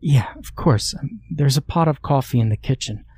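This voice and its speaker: A man's voice: mid-range voice, normal speed, dark tone, breathy edge, pitched above the performer's own voice, natural voice. A man voicing a distraught, exhausted young woman in a horror story, tearful and shaky, breaking off mid-sentence.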